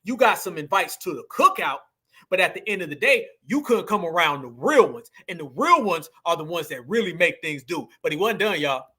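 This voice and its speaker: A man's voice: high-pitched, big pitch swings, a little fast, sharp tone, breathy edge. A man hosting a commentary channel, heated and mocking, who keeps calling his listeners "family". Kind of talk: opinionated commentary.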